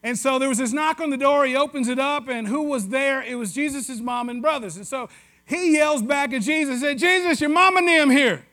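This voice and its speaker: A man's voice: very high voice, a little fast, fairly bright tone. A man with a West Tennessee Southern accent preaching a sermon in a conversational, joking way, with asides to the congregation. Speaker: pastor.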